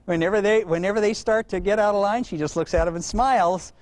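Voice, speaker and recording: A man giving a storytelling lecture on parenting to a live audience, animated and laughing at his own stories. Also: high-pitched, fast, no echo. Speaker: parenting educator.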